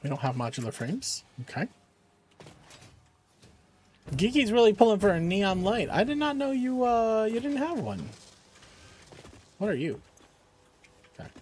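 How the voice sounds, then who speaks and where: A man's voice: high voice, sing-song, measured pace, pauses often, darkish tone, a little hiss or hum. A man streaming games for charity, chatting casually with viewers and his dog. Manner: chatty, talks to his dogs and chat. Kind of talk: casual live-stream chat.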